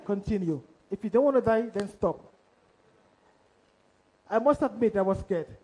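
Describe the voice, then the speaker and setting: High-pitched, mellow-toned male storyteller. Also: rough recording. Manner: dramatic, asks the audience questions directly. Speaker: investigative journalist. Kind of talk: storytelling talk on stage. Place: live event stage before an audience.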